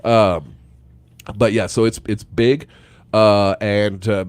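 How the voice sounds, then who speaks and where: A man's voice: lowish voice, steady tone, slow, clear, resonant tone, no room sound. A man hosting a morning radio show, chatting casually in a studio, easygoing and rambling with fillers and restarts. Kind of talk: casual on-air banter. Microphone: studio microphone.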